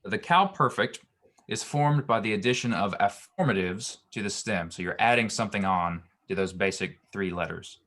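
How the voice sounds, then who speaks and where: A Hebrew teacher gives an online grammar lesson on verb forms, speaking in a somewhat low male voice. He is relaxed and patient, often pausing with an "um" or restarting a phrase before continuing.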